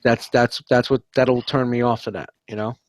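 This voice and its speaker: A man's voice: medium pitch, level tone, moderate pace, no echo. A male podcast co-host in casual chat, enthusiastic and swearing a lot. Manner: enthusiastic, heavy swearing, says "man" a lot.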